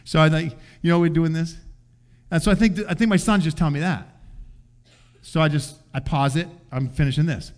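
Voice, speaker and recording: Animated older male pastor telling stories. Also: fairly high pitch, brisk. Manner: animated, acts out family dialogue in voices. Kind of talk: sermon storytelling.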